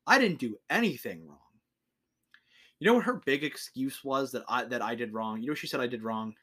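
Ranting young man, husky and bright. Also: medium pitch, animated, fairly quick. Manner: profane, ranting. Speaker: podcast co-host. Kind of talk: casual chat.

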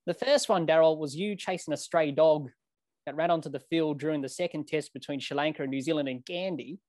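A man's voice: on the high side, a little fast, a little mellow, dry recording, studio quality. Man hosting a podcast interview. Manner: reads long setups, addresses the guest by name. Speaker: podcast host.

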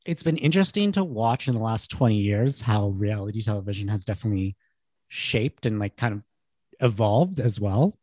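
A man's voice: fairly low pitch, lively intonation, moderate pace, a little mellow, no room sound. A man in his thirties chats casually as a podcast co-host, full of enthusiasm and peppered with "like". His voice is recorded dry and close, with no room sound. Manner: chatty, filler-heavy, enthusiastic. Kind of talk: casual chat.

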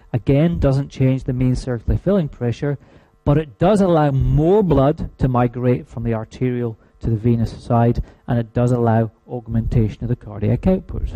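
A Scottish man teaches a physiology class in a mellow, darker voice. He leans hard on key terms, slowing down to repeat them, and tosses in dry jokes. The sound is close and dry. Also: mid-range voice, dry recording. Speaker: lecturer. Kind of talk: university lecture.

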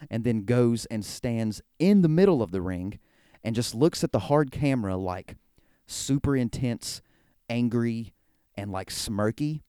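Guy rambling through a wrestling recap, low mellow voice, super dry close mic. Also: dry recording. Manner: rambling, excitable, heavy use of "like". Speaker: podcast host.

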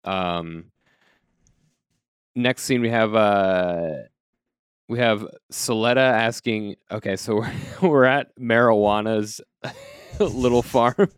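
Relaxed man casually recapping an episode. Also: lowish voice, slow pace, long pauses, clear, resonant tone, dry recording, studio quality. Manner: recaps scenes with laughter and quoted lines. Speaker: podcast co-host.

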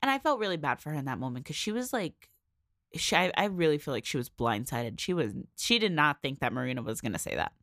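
A woman's voice: low voice, very animated, fast talker, fairly bright tone, no echo, clean studio sound. A young woman hosting a podcast, chatting casually in a frank, filler-heavy way with lots of swearing. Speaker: podcast host. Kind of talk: casual solo recap chat.

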